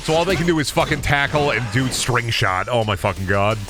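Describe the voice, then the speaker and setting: A man's voice: mid-range voice, animated, brisk. A man streaming a video game, riffing with profane jokes in casual commentary. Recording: voice over loud game music.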